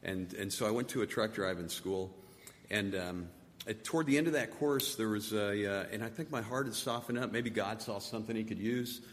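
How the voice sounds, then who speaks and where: A middle-aged man giving a personal testimony, halting and soft-spoken, often repeating his words. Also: lowish voice. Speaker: testimony speaker. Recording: long hall reverb, faint noise.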